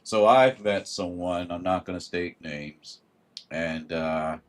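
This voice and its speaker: A man with a fairly low voice, chatting casually to his livestream audience. He talks in an animated way, slipping into other voices to act out what people think and greeting viewers mid-sentence. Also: slow pace. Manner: animated, acts out quoted thoughts in shifting voices. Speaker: livestream host.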